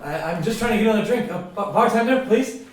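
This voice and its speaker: A nervous, overly polite young human in a wheelchair, as a man puts on the part in a tabletop game. He stammers, hesitates and pitches his voice up high. The sound is roomy and distant from the mic. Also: animated, fast talker, a little hiss or hum. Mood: timid. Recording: echoey room, voice far from the mic.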